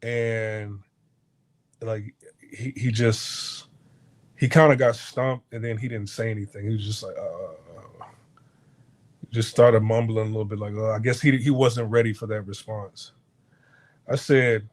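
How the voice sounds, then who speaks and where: In a lowish voice that's a little slow and often pauses, a male podcast host meanders through a story about a hotel abroad. He keeps restarting and stammering while animatedly voicing the people he quotes.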